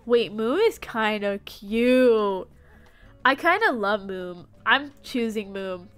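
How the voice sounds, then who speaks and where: A woman's voice: mid-range voice, lively intonation, slow pace, fairly bright tone, smooth, soft background music. A woman streaming a game live, playful and giggly, chatting with her viewers and reading character lines in silly voices. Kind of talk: live gameplay commentary.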